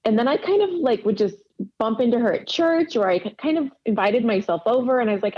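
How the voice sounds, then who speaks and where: A woman's voice: mid-range voice, fairly quick, creaky, few pauses, breathy edge. A woman casually telling stories in an interview, laughing often and acting out quoted dialogue. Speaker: podcast guest, quilter. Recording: dull lo-fi audio.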